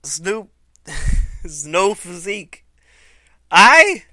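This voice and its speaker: A man casually reviewing a wrestling show, swearing freely and retelling the action with animated energy. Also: on the high side, unhurried, clear, resonant tone, no room sound. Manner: profane, animated storytelling. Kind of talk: casual commentary.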